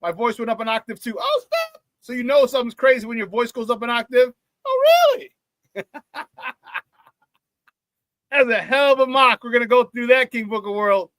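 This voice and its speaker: Speaking quickly with few pauses, a man with an extremely high pitch hosts a relaxed sports talk radio show, and there's no room sound. He's from the Chicago area, reads the live chat aloud, repeats himself, and laughs a lot with animated energy.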